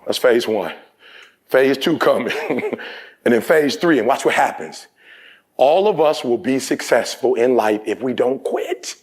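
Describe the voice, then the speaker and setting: A man giving an impassioned motivational speech, often shouting, in plainspoken slang. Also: mid-range voice, animated, a little slow, slightly rough. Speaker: motivational speaker.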